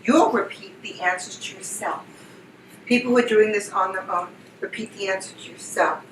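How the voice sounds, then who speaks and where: A woman's voice: medium pitch, normal speed, fairly bright tone, a little hiss or hum. A woman leading a guided group exercise as a workshop facilitator, giving repetitive, soothing coaching prompts. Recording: roomy, distant mic with faint ambience.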